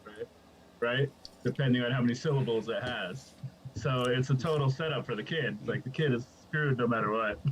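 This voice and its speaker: A man's voice: medium pitch, a little fast, a little hiss or hum, poor audio. A man co-hosting a podcast in casual chat, rambling from thought to thought, laughing often and checking in with "right?". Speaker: podcast co-host.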